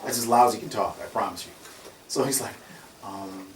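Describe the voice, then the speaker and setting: A man who runs a security company, telling stories in an animated way and laughing often as he talks. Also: lowish voice, brisk, long pauses. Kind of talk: conversational storytelling. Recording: roomy, distant mic, faint noise.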